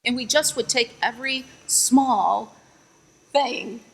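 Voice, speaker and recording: A woman's voice: fairly high pitch, takes it slowly, creaky, fairly bright tone, slight background noise. A mother giving an earnest faith testimony in an interview, retelling her prayers with rising emphasis. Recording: long echoing reverb.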